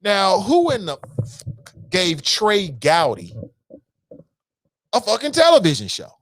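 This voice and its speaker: A man hosting an opinion show with a lively, swooping delivery and a slightly raised pitch. He is blunt and profane and talks right at his audience. The sound is dry and close. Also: takes it slowly, no room sound. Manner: blunt, profane, animated, talks to viewers as "fam". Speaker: host of a news commentary show. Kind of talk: casual opinion commentary.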